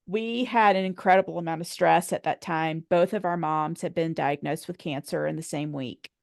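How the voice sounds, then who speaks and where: A woman's voice: low-pitched, moderate pace, vocal fry, no echo, studio quality. A woman in her forties, a podcast guest telling a personal story in a conversational way, acting out what others said and laughing often. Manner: animated storyteller, acts out quoted dialogue, laughs often.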